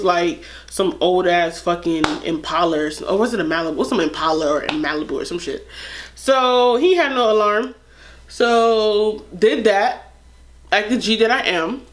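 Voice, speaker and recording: A young woman vlogger telling a casual story, animated and blunt, swearing freely. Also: mid-range voice.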